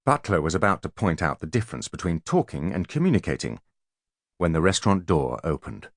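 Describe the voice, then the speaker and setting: A man's voice: low voice, big pitch swings, a little fast, no echo, studio quality. A man narrating a children's novel as an audiobook, telling the story expressively. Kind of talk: scripted narration.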